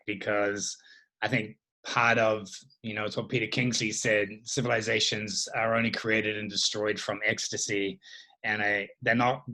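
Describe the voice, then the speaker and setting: A man hosting a reflective spiritual conversation, speaking in a slow, contemplative way. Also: lowish voice, sharp tone, rough recording. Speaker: host.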